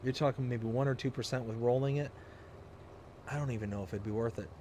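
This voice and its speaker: Chatty male game streamer, mellow voice. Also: medium pitch, fast, slight background noise. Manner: chatty, rambling, reads chat aloud, laughs often. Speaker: livestream host playing a farming game. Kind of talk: casual livestream chat.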